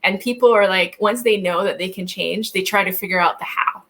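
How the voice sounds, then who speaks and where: A woman's voice: medium pitch, a little fast, a bit bright. A woman success coach being interviewed on a webinar, talking earnestly and encouragingly, often checking in with "right?".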